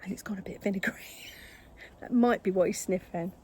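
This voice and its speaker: A woman's voice: mid-range voice, a little fast, warm tone, whispered. An older woman, chatting casually to camera at her craft table at home, scolding her cat in exasperation. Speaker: craft vlogger.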